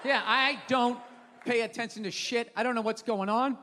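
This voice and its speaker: A man doing a stand-up comedy set on stage, sardonic and profane, building into loud exasperated rants. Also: very high-pitched, steady tone, moderate pace. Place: large live venue with audience. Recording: reverberant hall with crowd and noise.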